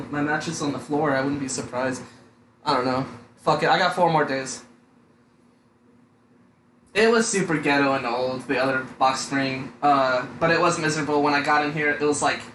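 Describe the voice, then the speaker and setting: A man's voice: a little high, fairly bright tone. A young man chatting casually as a podcast co-host, rambling and swearing a lot, often saying "dude". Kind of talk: casual profane chat. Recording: echoey room with faint noise.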